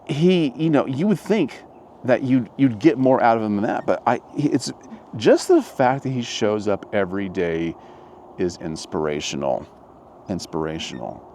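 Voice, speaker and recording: Low, lively-voiced man musing outdoors. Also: slight background noise. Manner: musing, rambling, with frequent restarts. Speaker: motivational vlogger. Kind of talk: casual reflective monologue.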